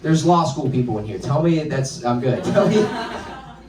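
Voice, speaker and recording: A man's voice: medium pitch, very animated, normal speed, darkish tone, distant mic. A young man from North Carolina doing a rambling, self-deprecating stand-up set, acting out the voices he quotes. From North Carolina, USA. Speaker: stand-up comedian. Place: comedy club with a laughing audience. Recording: roomy club sound, crowd laughter.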